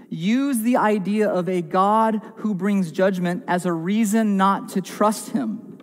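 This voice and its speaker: A man's voice: sits high, darkish tone, big-room sound. A man preaching a sermon as pastor, earnest and emphatic, with repeated phrases and small restarts. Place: church sanctuary.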